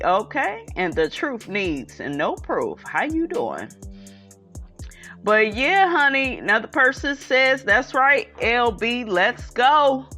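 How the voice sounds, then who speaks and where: A sassy woman chats casually about gossip, her bright voice swinging up and down in pitch. She talks slowly and calls her listeners honey and child. Faint music plays underneath. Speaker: gossip commentator. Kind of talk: casual chat reading comments.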